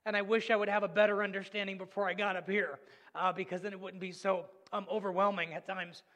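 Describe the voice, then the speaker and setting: A man preaching a sermon as pastor, earnest and storytelling, swinging between loud and hushed. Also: sits high, flat delivery, quick pace, big-room sound.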